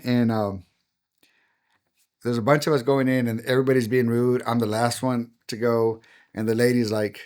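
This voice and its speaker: Middle-aged pastor guy telling his story on a podcast, acts out the back and forth, plain mid voice. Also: mid-range voice. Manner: animated storyteller acting out quoted dialogue. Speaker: pastor and guest.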